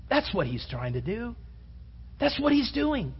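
A male pastor preaching a sermon with fervor, repeating phrases for emphasis and swinging between loud and soft. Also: extremely high pitch, wildly swooping pitch, unhurried, a little hiss or hum. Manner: fervent, repeats phrases for emphasis, rising and falling delivery. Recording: dull lo-fi sound with long hall reverb.

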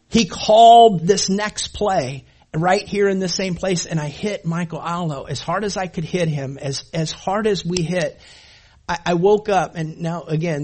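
Recounting his high school football years for an audience, a middle-aged man gets animated, laughing while he plays the part of his past self.

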